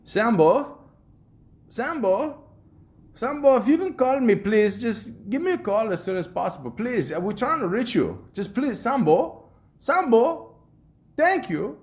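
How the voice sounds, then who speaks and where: A man doing a high pleading woman caller. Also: sing-song, unhurried, full character voice. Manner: urgent, repeating a name over and over. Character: pleading woman caller with a mock Jamaican accent.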